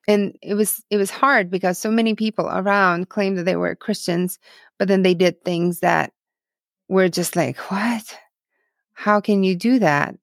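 Her voice low-leaning and gravelly, a woman from Ukraine tells her faith story as a guest in a podcast interview, earnest, emotional, and full of repetitions. The recording is clean studio sound with no room sound.

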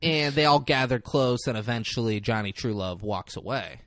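A man's voice: normal speed, no echo. A man casually and profanely recapping a movie scene, acting out the characters as he goes. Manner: animated retelling, acts out characters with swings in pitch and loudness. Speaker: podcast co-host recapping a movie.

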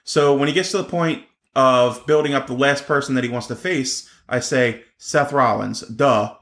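A man co-hosting a casual wrestling chat show, animated and quick to break into excited exclamations. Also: echoey room. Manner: animated, jumps into high-pitched exclamations. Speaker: wrestling podcast co-host.

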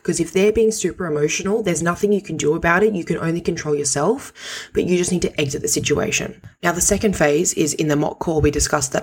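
A woman's voice: on the low side, quick pace, breathy edge. A woman hosting a podcast, giving direct, practical coaching advice in a conversational way and swearing casually now and then. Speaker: podcast host.

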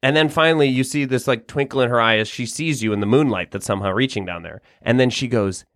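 A man's voice: mid-range voice, fast, fairly bright tone, no room sound, clean studio sound. Laid-back man spinning absurd stories. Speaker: podcast co-host. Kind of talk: casual comedic chat, improvised stories.

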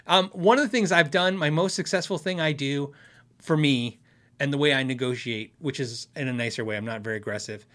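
A man's voice: mid-range voice, a little fast, a bit bright. A man hosting a casual livestream, answering viewer questions in a friendly, frank way and laughing often.

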